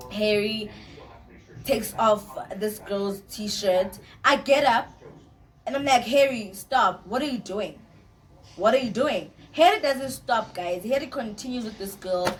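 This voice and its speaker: Young woman telling a storytime to camera, animated, keeps repeating herself. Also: on the high side, slight background noise. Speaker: storytime vlogger.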